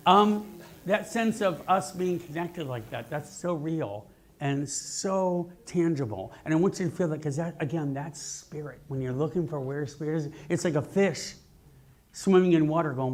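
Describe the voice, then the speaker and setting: A man minister giving a sermon, telling stories in an animated, jokey way, speaking into a mic in a church sanctuary. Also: on the high side, moderate pace. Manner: animated, jokey storytelling preacher.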